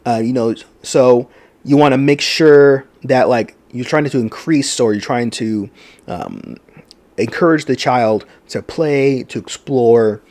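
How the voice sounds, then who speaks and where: A man giving a recorded college lecture, conversational and animated, with many fillers and rhetorical questions. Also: medium pitch, slow pace.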